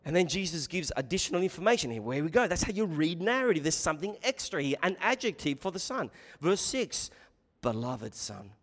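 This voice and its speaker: A man preaching an expository sermon, swinging between loud emphatic bursts and quiet hushed asides. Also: high-pitched, expressive, fast talker, few pauses. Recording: long hall reverb.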